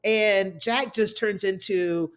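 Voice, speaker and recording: A woman's voice: mid-range voice, steady tone, slow. A woman hosting a casual recap, chatting about scenes and acting out the lines. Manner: chatty, retells scenes with acted quotes. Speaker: TV recap host.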